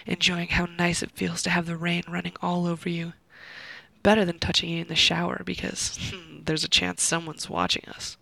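Woman, erotic story narrator, intimate delivery, soft whispers, deep vocal fry, monotone, dry close sound. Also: no room sound, rough recording. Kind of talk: first-person erotic audio story narration.

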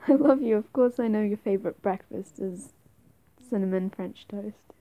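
A woman's voice: mid-range voice, a little slow, mellow, close to an everyday voice. A young woman playing an affectionate, playful girlfriend in an audio role-play, giggling, teasing and stumbling over her words.

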